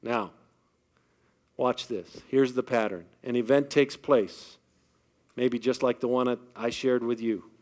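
A man's voice: medium pitch, fairly even intonation, unhurried, pauses often, a little mellow. A man giving a faith-based motivational talk to a live audience, speaking emphatically and often putting questions to the crowd.

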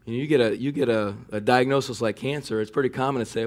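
A man's voice: mid-range voice, quick pace. Conversational man preaching a sermon. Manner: conversational preaching, animated when mocking enemy taunts. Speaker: pastor.

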